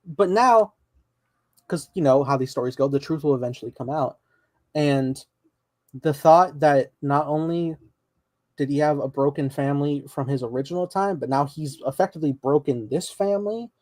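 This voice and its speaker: A man's voice: a little high, normal speed, dry recording. Guy cohosting a pod, chill rambly tv recap, lots of "like", dry sounding. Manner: relaxed, rambling, many "like" fillers. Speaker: podcast co-host. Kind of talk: casual TV recap chat.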